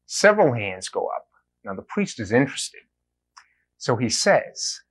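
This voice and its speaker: A man hosting a comedy show, telling a joke as an animated storyteller. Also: mid-range voice, a little slow, long pauses, breathy edge.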